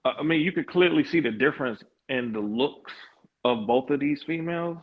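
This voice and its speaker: A man's voice: fairly high pitch, a little fast, narrow, tinny audio. A man hosting a talk show, giving opinionated commentary, stumbling over restarts before landing his points with emphasis. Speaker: podcast host.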